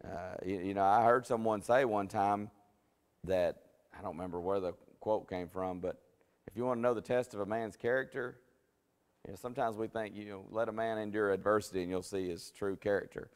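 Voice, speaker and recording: A man's voice: lowish voice, fairly even intonation, fairly quick, smooth. A man teaching a Bible study in a church, folksy and conversational with many restarts. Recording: long church hall reverb.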